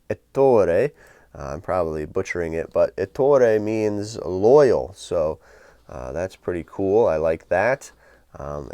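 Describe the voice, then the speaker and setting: A man's voice: deep voice, a little mellow, dry recording, studio quality. A man hosting a watch review channel, casually and enthusiastically showing a new watch. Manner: friendly, upbeat and enthusiastic.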